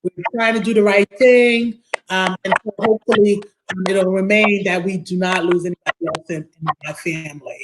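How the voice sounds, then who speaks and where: A woman's voice: mid-range voice, fairly even intonation, normal speed. A woman with a Brooklyn accent, a guest attorney in an interview, talking emphatically, repeating words and ending points with "right?". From Brooklyn, New York. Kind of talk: interview conversation. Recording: faint background noise.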